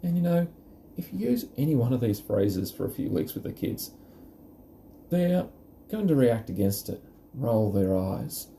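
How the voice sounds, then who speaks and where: A man talks through parenting advice in a gentle, reassuring way. His voice is very dark and mellow with a gravelly edge. A faint hiss sits under the recording. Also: medium pitch, unhurried. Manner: calm, gentle and reassuring, modelling phrases aloud. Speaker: parenting educator.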